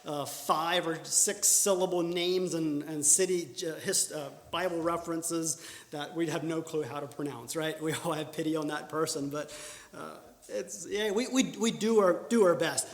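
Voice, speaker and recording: A man's voice: on the high side, normal speed. A man giving an earnest instructional talk at church, often restarting and correcting himself, then pushing out bursts of emphasis. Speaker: church speaker teaching public speaking. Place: church hall. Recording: echoey church hall.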